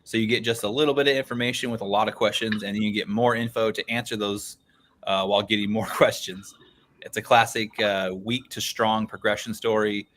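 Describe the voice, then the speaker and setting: Male book club host, lowish voice, relaxed and chatty, laughs easily. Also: a little hiss or hum. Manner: laid-back, laughs often, says "dude". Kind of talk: casual livestream book chat.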